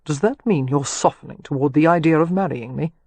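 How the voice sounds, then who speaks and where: A woman narrator voicing a confident, wry young gentleman architect who teases and reflects. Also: fairly high pitch, brisk, no room sound. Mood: teasing.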